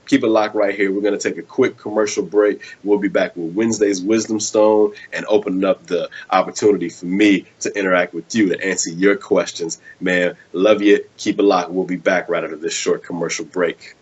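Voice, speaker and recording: Deep-voiced man telling a story casually. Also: a little fast, hardly any pauses, breathy edge, lo-fi sound. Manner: animated storyteller, acts out quotes, says "man" often. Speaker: host of a live web show. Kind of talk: casual storytelling and show talk.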